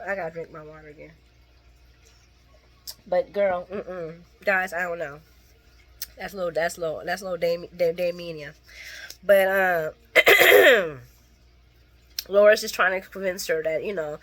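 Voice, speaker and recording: Sassy lady recapping her soap, blunt, calls viewers girl and guys, jumps into character voices. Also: a bit bright. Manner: acts out characters' lines with big pitch jumps. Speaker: soap opera recap vlogger. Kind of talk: casual late-night recap chat.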